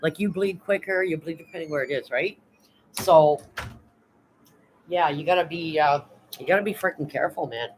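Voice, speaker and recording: A man's voice: fairly high pitch, moderate pace, pauses often, a little hiss or hum, low-quality recording. A tired man chatting casually on a livestream, rambling and blunt, swearing now and then while reading out chat. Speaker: vlogger reading live chat.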